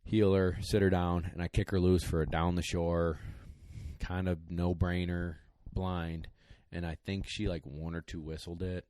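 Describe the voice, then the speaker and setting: Very low-voiced man telling an emotional story. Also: little pitch movement, a little slow, mellow, no room sound, clean studio sound. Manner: emotional, rambling, choked up at times. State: tearing up. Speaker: podcast co-host, dog trainer. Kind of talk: casual storytelling chat.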